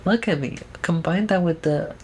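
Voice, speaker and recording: In a rough recording with slight background noise, a young adult vlogger uses a trained feminine voice to ramble through a casual update, full of fillers and false starts. She speaks in a mid-range voice at a moderate pace, alone at home with her camera.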